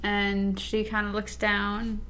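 Woman, podcast co-host, bright tense tone, mid pitch, giggly and relaxed chat. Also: slow. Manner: giggly, easygoing, recapping. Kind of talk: casual review chat.

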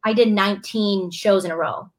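A young woman tells a story in casual chat, bold and animated, with blunt swearing. She acts out what she and others said in lively little quotes. Her voice sits at an everyday middle pitch. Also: normal speed. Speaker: bartender and show guest.

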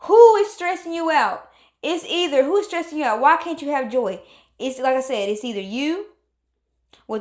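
A woman giving a motivational pep talk, emphatic and preachy, repeating phrases for stress. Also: a little high. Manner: calls on God in exclamations. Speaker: motivational speaker.

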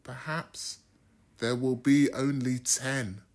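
A man's voice: medium pitch, fairly even intonation, takes it slowly, close to an everyday voice. A man voicing a humble old patriarch who earnestly pleads with rising, imploring questions. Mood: pleading.

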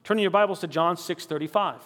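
A man delivers a sermon in a high, bright voice that rings out across a big room with a long reverb tail. He builds his points through rhetorical questions, slowing down to stress the key words. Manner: dramatic, rhetorical questions, slows for emphasis. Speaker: preacher.

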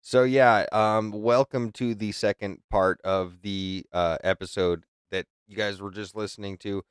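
A man hosting a casual podcast, talking heatedly and with a lot of swearing, loud at times and low and subdued at others. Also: fairly even intonation, unhurried, smooth, no echo, studio quality. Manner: heated, profane, swings from yelling to subdued. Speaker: podcast host.

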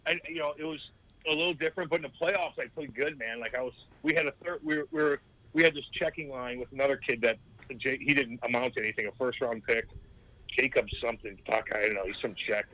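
A man, a former hockey player, telling rambling, profane stories in a casual podcast chat with lively voiced quotes. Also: mid-range voice, fast, low-quality recording.

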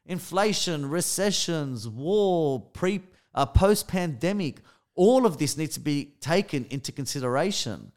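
A man's voice: a little high, animated, unhurried. A man with an Australian accent co-hosting a casual podcast, talking emphatically and often addressing listeners directly. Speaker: podcast co-host.

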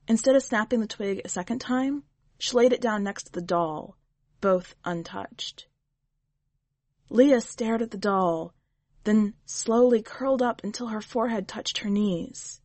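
A woman reading a short story aloud in a measured, unhurried way, as a podcast editor and reader. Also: mid-range voice, a little mellow, dry recording. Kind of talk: scripted narration.

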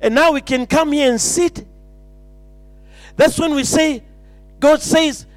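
A man's voice: very high voice, slow, pauses often, no echo, soft background music. A man preaching an impassioned sermon, repeating phrases and stumbling into restarts.

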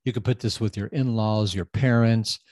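A man's voice: on the low side, fairly even intonation, moderate pace, no room sound. Preachy motivational man, dry close sound. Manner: preachy, repeats phrases, swings from loud emphasis to quiet asides. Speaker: podcast host. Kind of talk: motivational talk.

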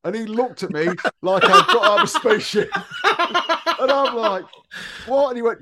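A man's voice: high voice, fast. An English electrician in his thirties, co-hosting a casual podcast and telling funny stories with swearing and laughter. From England. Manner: lively storyteller, swears, laughs often.

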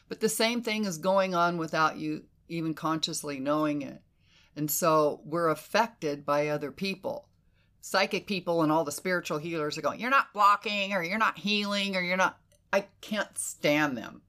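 A woman hosting a casual conversation, animated and emphatic, who swears freely and slips into quoted inner voices. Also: low-pitched. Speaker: podcast host.

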